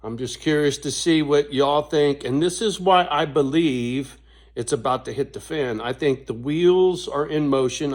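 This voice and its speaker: A male vlogger talks in a slow, drawn-out rant full of swearing. His voice jumps up high when he gets worked up, and he chuckles between his points. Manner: profane, swears constantly, laughs between points; slow, drawn-out delivery with big pitch swings. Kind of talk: casual ranting monologue.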